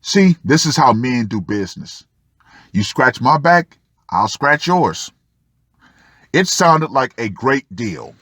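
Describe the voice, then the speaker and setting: A man's voice: medium pitch, very animated, takes it slowly, fairly bright tone, husky, no echo, clean studio sound. A man reading a first-person article aloud and breaking off for sardonic asides to the listener. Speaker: channel host reading an article.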